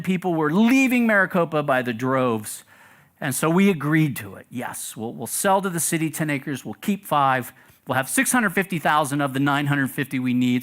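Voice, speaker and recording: In a church sanctuary, a middle-aged pastor tells his congregation a story during a relaxed, conversational sermon, often putting questions to the room. His voice sits on the high side.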